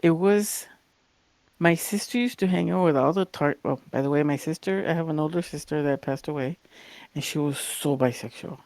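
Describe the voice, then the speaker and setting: A young woman co-hosting a podcast, telling stories in a lively, animated way and acting out the voices of the people in them. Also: sits low, moderate pace, no room sound. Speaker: podcast co-host. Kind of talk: casual chat, storytelling.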